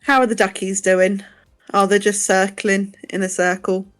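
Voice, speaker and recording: A woman's voice: mid-range voice, level tone, moderate pace. Chatty woman with faint music behind. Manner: chatty, laughs often, swears casually. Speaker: stream co-host. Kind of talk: casual chat on a live stream.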